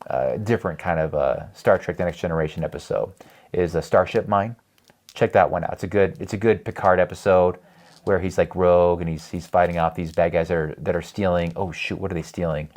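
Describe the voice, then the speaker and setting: Man, podcast co-host, very deep voice, rambling casual chat. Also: a little fast, a little mellow. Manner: rambling, chatty, laughs often.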